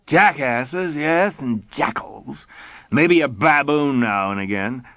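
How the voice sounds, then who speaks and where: A man's voice: medium pitch, expressive, takes it slowly, fairly bright tone, no room sound. A man voicing a sardonic woman psychic with a dry, mocking delivery in an audiobook. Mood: wry.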